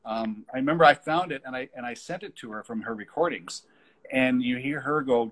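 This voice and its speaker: A man's voice: mid-range voice, brisk, fairly bright tone, breathy edge, poor audio. A man who works as a paranormal investigator, chatting casually and telling stories, laughing at his own jokes. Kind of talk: casual conversation.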